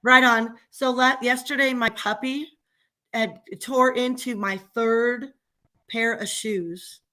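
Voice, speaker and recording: Woman venting on a livestream, kinda high bright voice, laughs a lot, fired up. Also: takes it slowly. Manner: animated, venting, laughs often. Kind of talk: casual chat.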